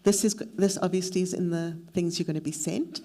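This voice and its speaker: A woman's voice: fairly low pitch, steady tone, fairly quick, warm tone. A middle-aged woman leading a mentorship workshop, mixing practical advice with a candid, self-deprecating personal story. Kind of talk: workshop talk with personal anecdote.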